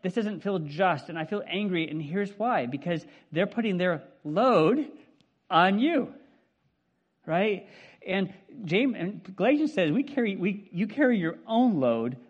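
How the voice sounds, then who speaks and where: A man's voice: sits high, lo-fi sound. A middle-aged male pastor giving a casual, conversational sermon, asking his congregation questions with many fillers. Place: church hall with congregation.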